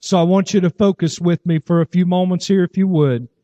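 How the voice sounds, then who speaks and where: A fervent male preacher with a high voice, swinging from low storytelling into soaring shouts of praise during a church service. The sound is dry and a little dull, with no room echo. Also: fairly even intonation, fairly quick, soft background music. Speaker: pastor. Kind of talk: sermon.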